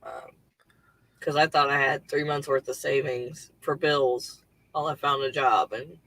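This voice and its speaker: A woman's voice: a bass voice, steady tone, measured pace, fairly bright tone, dry recording, low-quality recording. A woman hosting a casual livestream from her home computer on a headset, rambling loosely with lots of fillers and the odd swear word. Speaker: livestream host and writer.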